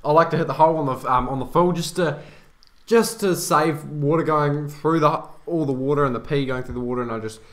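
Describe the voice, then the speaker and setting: A man's voice: on the high side, a little fast, fairly bright tone. A man joking along as co-commentator, rambling, giggling and tripping over his words. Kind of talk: joking live sports commentary.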